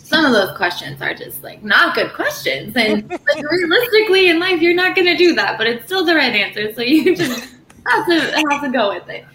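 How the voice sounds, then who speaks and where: A young woman chats as a nurse guest, her stories tumbling out full of fillers. Her voice sits a bit high and bright. The room around her rings with echo. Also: moderate pace, a little hiss or hum. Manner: chatty, filler-heavy, animated storytelling. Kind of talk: casual podcast chat. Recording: roomy echo.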